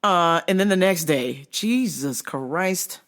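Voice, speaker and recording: A woman hosting a show, telling comic stories in a loose, profane, animated way. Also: fairly low pitch, slow. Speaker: host. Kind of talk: casual comedic storytelling.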